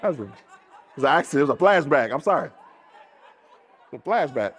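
Male pastor, sermon delivery, emphatic and repetitive, slightly high voice, long church reverb. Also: big pitch swings, fast talker, some chatter behind. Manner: emphatic preaching, repeats phrases, laughs between points. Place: church pulpit.

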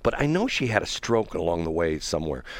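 Laughing, chatty middle-aged radio host. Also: male voice, low-pitched, sing-song, a little fast, no room sound. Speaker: radio talk show host. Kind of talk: casual radio banter.

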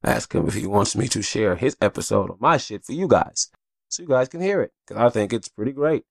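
Gravelly low-voiced man rambling candidly. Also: animated, brisk, darkish tone, dry recording. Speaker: podcast host. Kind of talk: casual solo podcast chat.

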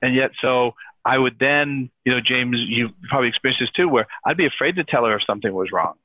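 Calm man over a tinny line. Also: medium pitch, quick pace, dry recording. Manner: calm, explanatory storyteller. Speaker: guest therapist. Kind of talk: explaining to podcast hosts. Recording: dry, tinny phone-like line.

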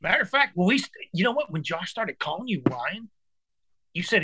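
Bright-voiced man swapping road stories. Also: high-pitched, a little fast, husky, no room sound. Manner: animated storyteller, reminiscing with old friend. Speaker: podcast guest, musician. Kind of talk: casual chat, storytelling.

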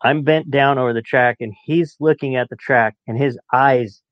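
A man's voice: mid-range voice, steady tone, moderate pace, dry recording. A man in his late forties, a podcast guest telling stories in a chatty way and laughing as he talks. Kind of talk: casual storytelling. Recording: dull muffled dry sound.

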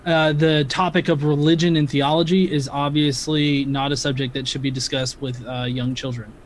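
A man's voice: a little high, little pitch movement, normal speed. A man in a heated debate, talking in a combative, exasperated way, with some faint noise behind.

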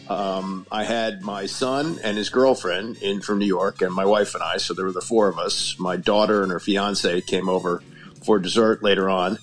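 Halting older man with a low voice. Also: steady tone, faint music behind. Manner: hesitant, halting with fillers and repeats. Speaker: guest, former radio co-host. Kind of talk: casual conversation.

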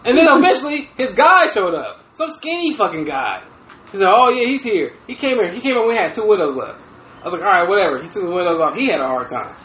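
A man with a very high, bright voice tells stories in a loose, profane, animated way. His pitch swings a lot as he talks. The room gives him a noticeable echo. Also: fast talker. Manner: animated, profane, laughing storyteller. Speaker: podcast host. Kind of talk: casual chat, storytelling. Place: room with fireplace.

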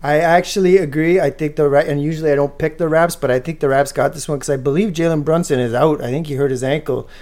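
Podcast host, man, slightly high voice, jokey, casual chat. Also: steady tone, fast talker, hardly any pauses, darkish tone. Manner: joking, runs the segment, asks for picks.

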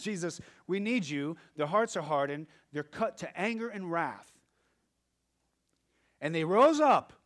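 A male pastor preaching a sermon, moving from quiet asides to loud emphatic passages and acting out quoted voices. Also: high voice.

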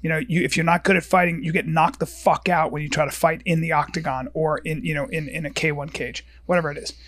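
A man's voice: on the high side, fairly even intonation, quick pace, a bit bright, no room sound. A man hosting a podcast, speaking in a blunt, emphatic casual chat with swearing. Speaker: podcast host.

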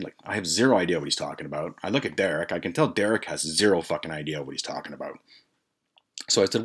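A man's voice: low voice, lively intonation, fairly quick, husky. A man hosting a podcast, telling a long story in a casual, profane, rambling way that keeps breaking off and restarting. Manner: profane, rambling, self-interrupting. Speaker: podcast host. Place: Toronto.

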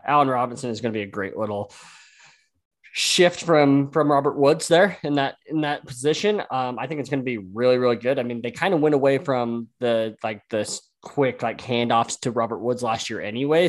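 A man's voice: medium pitch, fairly quick. A man co-hosting a casual sports podcast, talking in an easygoing way with many fillers like um and like. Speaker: podcast co-host.

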